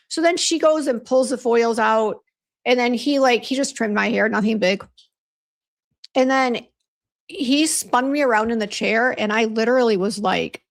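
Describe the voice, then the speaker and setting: A woman's voice: fairly high pitch, normal speed. A woman chatting casually on a livestream, venting about a bad hair appointment while greeting viewers by name, with many fillers and restarts. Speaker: beauty brand owner hosting a livestream. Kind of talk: casual livestream chat reading viewer comments.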